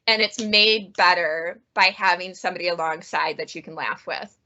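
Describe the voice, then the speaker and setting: Chatty bright-voiced woman librarian. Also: on the low side, normal speed, highs cut off. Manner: chatty, laughs often, animated. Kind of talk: casual book review chat.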